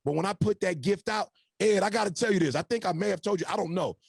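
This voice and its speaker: High, gravelly man preaching motivation. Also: fast talker, no room sound. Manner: preacher-like, punchy, addresses the audience as y'all. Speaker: motivational speaker, podcast guest. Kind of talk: emphatic motivational storytelling.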